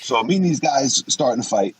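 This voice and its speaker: Animated and talking a little fast, this medium-pitched man in his forties, a former wrestler appearing on a podcast, tells rambling, blunt stories full of swearing in a casual interview. The audio is poor, with a little hiss or hum.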